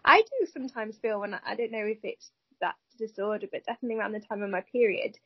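Candid woman, husky and dry. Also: medium pitch, quick pace, no room sound. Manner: candid, hesitant, many fillers. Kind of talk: casual chat. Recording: dull lo-fi dry sound.

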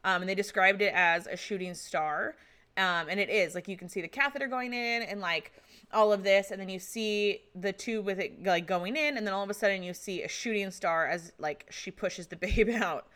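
A woman with a bright, forceful voice tells a personal story in a loose, casual way. She is candid and chatty, swears freely and laughs often. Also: medium pitch, moderate pace. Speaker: vlogger recounting a personal experience.

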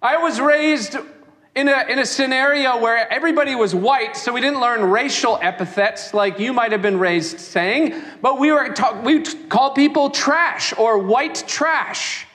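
A man preaching a sermon as a pastor, animated and acting out the voices of people he quotes. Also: extremely high pitch, unhurried, in a large hall.

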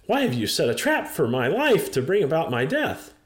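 Guy doing a shrill freaked-out witch lady, high and panicky, voice jumping all over. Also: wildly swooping pitch, normal speed. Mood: alarmed. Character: frightened medium woman, shrill and panicky.

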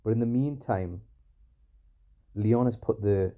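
Man, casual film recap, rambling, filler-heavy, enthusiastic, lower voice. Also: slow, muffled recording. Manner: enthusiastic, calls scenes "class".

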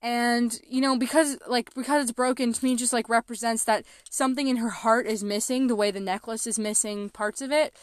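A woman's voice: a little high, steady tone, a little fast, hardly any pauses, smooth, no echo. A young woman hosting a movie podcast, talking casually and emotionally, rambling with lots of fillers. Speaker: podcast host.

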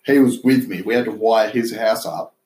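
A man's voice: lowish voice, steady tone, moderate pace, a little mellow. A young Australian man in casual chat, rambling through a story, swearing freely and laughing as he mimics others. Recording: roomy echo.

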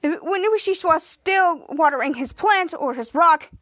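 A woman hosting a podcast, casually recapping a TV episode in a halting way with frequent restarts. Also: very high voice, animated, fairly bright tone, no room sound. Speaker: podcast host.

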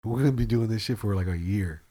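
Man, low voice, casual swearing storyteller who acts out quotes. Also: quick pace. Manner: profane, animated storytelling with acted-out quotes. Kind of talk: casual podcast chat.

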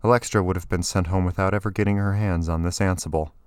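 A man reading scripted story narration in a steady, even way. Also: deep voice, fast, clear, resonant tone, no echo, studio quality. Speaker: audiobook narrator.

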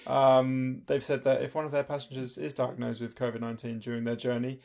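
A man co-hosting a casual podcast, relaxed and hesitant as he shares a news item. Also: medium pitch, fairly quick, creaky. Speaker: podcast co-host. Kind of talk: casual chat.

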